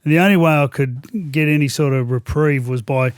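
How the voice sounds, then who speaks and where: A middle-aged man with an Australian accent, talking footy in a relaxed, chatty way with a slightly higher voice. He tells stories with animation, and the sound is close and dry. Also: a little fast, clear, resonant tone, no room sound. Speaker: former rugby league player, guest co-host. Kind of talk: casual chat.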